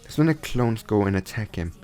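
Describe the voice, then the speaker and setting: Low-voiced young man retelling a story. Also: expressive, a little fast, darkish tone, soft background music. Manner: rambling with frequent restarts and self-corrections. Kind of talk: casual retelling of a fan story.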